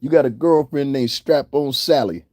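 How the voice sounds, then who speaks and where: A man's voice: mid-range voice, moderate pace, a little mellow, no echo, clean studio sound. A man hosting a livestream, talking crudely and casually to his chat, roasting viewers and laughing often. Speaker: livestream host. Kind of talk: casual profane commentary to chat.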